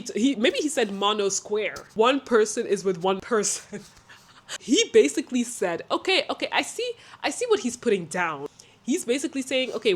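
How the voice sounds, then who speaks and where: A young woman vlogging a late-night reaction to a documentary, tired, incredulous and sarcastic, often breaking into laughter. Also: medium pitch. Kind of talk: casual late-night commentary.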